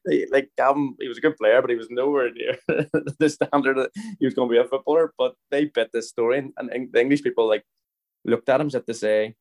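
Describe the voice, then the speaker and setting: The footballer guest from Northern Ireland, a man in his thirties, talks fairly quickly with a mid-range, slightly mellow voice and fairly even intonation. His casual podcast storytelling rambles, with frequent restarts and repeated "you know what I mean".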